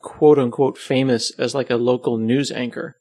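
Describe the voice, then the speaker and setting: A man's voice: mid-range voice, flat delivery, moderate pace, mellow, no room sound. A man answering questions in a casual podcast chat, teasing and rambling, self-deprecating about himself. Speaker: podcast host and web developer, as guest.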